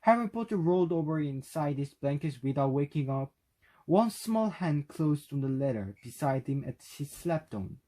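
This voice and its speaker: A man whose first language is Korean reading a novel aloud for speaking practice, at a careful, steady pace. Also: a little high, normal speed, low-quality recording. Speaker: reader.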